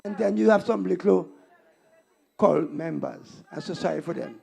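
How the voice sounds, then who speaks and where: Gravelly man taunting. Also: sits high, normal speed, a little mellow. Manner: taunting, scornful. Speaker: political rally speaker. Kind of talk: campaign rally speech.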